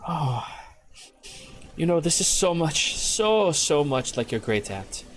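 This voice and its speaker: A man voicing a small, doting gnome mother who gushes in a high, sing-song coo. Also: sing-song, slow pace, slight background noise. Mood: gushing.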